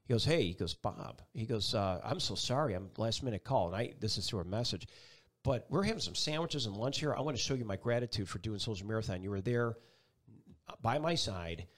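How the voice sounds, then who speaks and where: A middle-aged man recounting a personal story with real feeling. His pitch swings widely as he acts out the voices in it, jumping up high and dropping low. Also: lively intonation, brisk. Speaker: chief meteorologist, guest.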